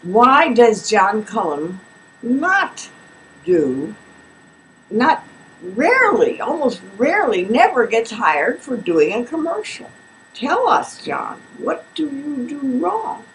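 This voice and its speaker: A woman's voice: fairly high pitch, sing-song, takes it slowly, fairly bright tone, recorded from a distance, rough recording. A woman interviewer with a playful, teasing way of asking questions. Her voice swings widely up and down as she prods. She sits a little back from the microphone, with a faint hiss in the room. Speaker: co-host, interviewer. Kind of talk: casual chat.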